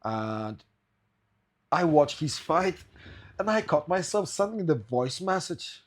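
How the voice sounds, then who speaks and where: A man's voice: on the high side, very animated, slow pace. A man hosting a podcast, telling swearing, laughing anecdotes in casual chat. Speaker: podcast host.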